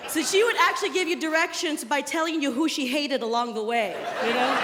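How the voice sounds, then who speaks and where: A woman's voice: high voice, a little fast, few pauses, very noisy. A woman performing stand-up comedy, bluntly acting out stories about her mother. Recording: live club, loud crowd, reverb.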